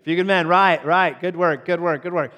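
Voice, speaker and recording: A man opening a sermon in a playful way, joking with and teasing his audience and rising sharply in pitch when surprised. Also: fairly even intonation, normal speed, sharp tone, lo-fi sound.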